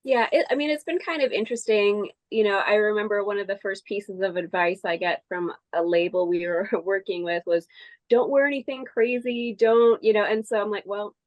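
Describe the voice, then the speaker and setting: Woman, young adult, guest musician, relaxed, anecdotal, dry close sound. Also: medium pitch, fairly quick, hardly any pauses, no echo, muffled recording.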